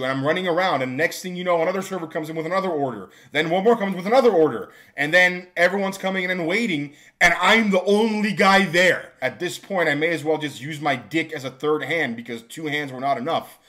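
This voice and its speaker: A man's voice: fairly high pitch, quick pace, hardly any pauses. A man telling a storytime vlog about a job, exasperated and ranting. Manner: exasperated, builds to shouting rants. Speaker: vlogger telling a work story. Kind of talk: storytime monologue.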